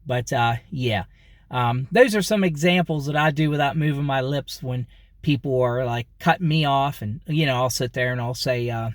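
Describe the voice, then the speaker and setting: A man's voice: medium pitch, moderate pace, no echo, studio quality. A man vlogging to camera in a loose, rambling way, with many fillers, restarts and chuckles. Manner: rambling, repeats himself, frequent fillers and chuckles. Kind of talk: casual talk to camera.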